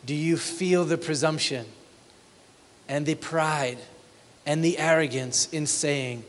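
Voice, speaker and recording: A pastor preaching a conversational sermon, often asking the congregation if they feel it. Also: male voice, on the high side, steady tone, slow, long pauses, big-room sound.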